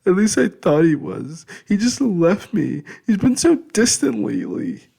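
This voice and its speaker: A man's voice: expressive, moderate pace, creaky, mellow, slightly rough, exaggerated voice. A man voicing a proud, sulky young woman who is crying and wailing her words. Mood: tearful. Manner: wailing, high-strung outbursts.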